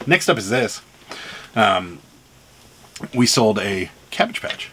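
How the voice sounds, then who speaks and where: A man's voice: on the low side, sing-song, slow, a bit bright, a little hiss or hum. A man with a Pittsburgh accent chatting casually on his vlog about items he has sold, rambling with lots of ums and laughing now and then. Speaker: reseller vlogger.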